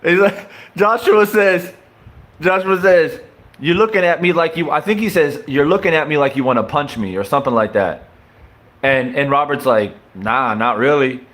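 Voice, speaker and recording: A young man reacts casually to a boxing clip for his viewers, laughing, cursing and calling them bro in disbelief. His voice is a little high and fairly bright, at a moderate pace. He comes across as an incredulous, profane boxing commentator.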